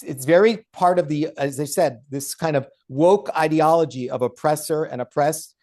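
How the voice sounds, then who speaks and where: Here a man with a slightly mellow voice on the high side speaks as the guest author and law professor in a podcast interview. He's emphatic and combative, using mocking voices when quoting others.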